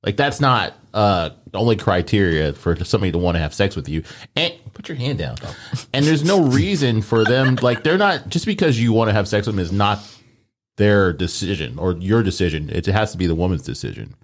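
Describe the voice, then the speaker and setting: A man's voice: lowish voice, big pitch swings, brisk. A man in casual conversation, opinionated and loose, swearing freely. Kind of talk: casual chat.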